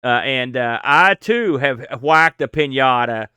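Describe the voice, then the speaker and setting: A man's voice: mid-range voice, animated, unhurried, pushed and bright, clean tone, no room sound. A man co-hosting a casual podcast, telling rambling, jokey stories. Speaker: podcast co-host. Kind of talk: casual chat.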